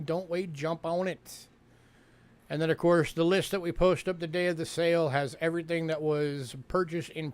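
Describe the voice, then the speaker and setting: A man's voice: on the high side, smooth. A man from New York hosting a coin sale livestream, talking casually with fillers and repeated words. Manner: chatty, fillers, repeats himself. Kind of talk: casual livestream sales talk.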